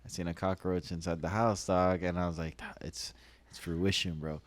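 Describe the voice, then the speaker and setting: Laid-back slangy man, lowish voice. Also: flat delivery, moderate pace. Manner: laid-back, slangy, peppers speech with "bro" and "dog"; laughs while telling stories. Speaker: comedian. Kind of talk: casual podcast storytelling.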